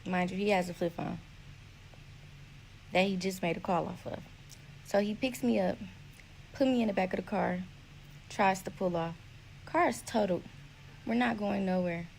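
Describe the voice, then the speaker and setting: A young woman telling her own story in a blunt, profane, animated way. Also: medium pitch, normal speed, vocal fry, long pauses, a little hiss or hum, low-quality recording. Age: young adult. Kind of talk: casual storytelling.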